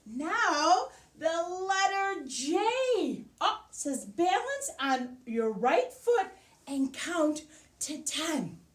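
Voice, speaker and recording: A preschool teacher, a woman, talks to little children through a camera with a high, bouncing voice that leaps up and down. She takes her time, counting aloud and cheering in a sing-song way. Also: very animated, extremely slow. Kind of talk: animated online lesson for small children.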